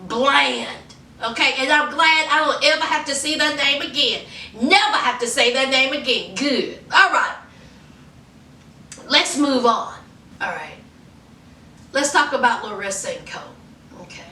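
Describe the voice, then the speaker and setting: A sassy young woman, gossiping in a chatty way. Her voice is high and piercingly bright. She is recorded in an echoey room, a little away from the mic. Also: expressive, measured pace, long pauses, far from the mic, a little hiss or hum. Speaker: YouTube recap host. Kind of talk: casual chatty recap. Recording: roomy echo, off-mic.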